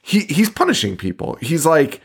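A man's voice: on the high side, huge pitch swings, normal speed, slightly rough. A man co-hosting a horror podcast in casual, profane chat, laughing often as he retells movie scenes. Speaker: podcast co-host.

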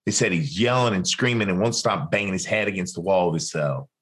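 Low-voiced man telling a war story. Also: fairly quick, a bit bright. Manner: vivid storyteller who acts out quoted dialogue. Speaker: guest, former military interrogator. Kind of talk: storytelling interview.

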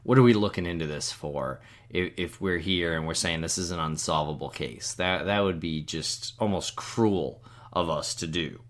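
A man co-hosting a podcast who speaks in a measured, calm way. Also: low-pitched. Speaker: podcast co-host. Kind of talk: casual discussion.

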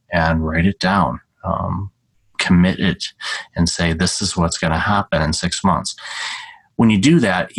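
Middle-aged podcast host from Canada, deep voice, loose self-deprecating delivery, dry close-miked sound. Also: male voice, dry recording, poor audio. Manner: rambling, self-deprecating, with many fillers. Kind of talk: casual solo podcast talk.

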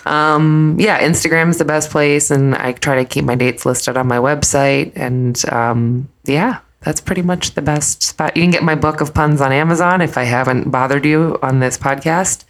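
A woman's voice: sits low, fairly even intonation, normal speed, few pauses. A woman comedian chatting casually as a podcast guest, joking with puns and rambling asides. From United States. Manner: joking, punning, rambling with laughs.

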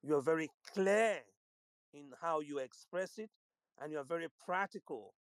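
A man's voice: fairly high pitch, clear, resonant tone, dry recording, poor audio. A man calling into a live audio room from London, speaking in a formal and gracious way. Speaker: caller.

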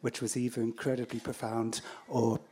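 A man's voice: mid-range voice, flat delivery, dark tone, a little hiss or hum. Wry Englishman telling a story live. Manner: wry, self-deprecating, halting with fillers.

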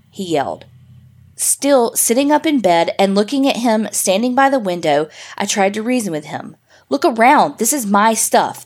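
A woman podcast co-host reading a listener's email story aloud in a steady storytelling voice. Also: mid-range voice.

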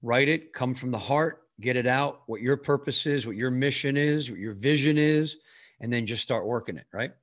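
A male podcast host talking in a relaxed, encouraging way, full of casual fillers as he draws out his guest. His voice sits at an ordinary middle pitch. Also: normal speed. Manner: warm, encouraging, lots of "man" and "you know".

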